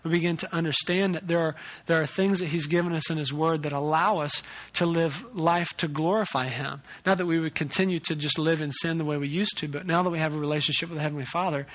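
A male pastor with a high, bright, ringing voice delivers a sermon. He talks like he is chatting, stops and restarts his sentences, and gets lively when he tells a story. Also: fast talker. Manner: conversational, animated storytelling with restarts.

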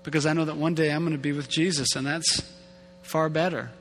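Higher-voiced male pastor in an echoing hall. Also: steady tone, fairly quick, fairly bright tone. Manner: casual, self-deprecating, repeats and restarts words. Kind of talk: conversational sermon. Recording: long hall reverb with faint hum.

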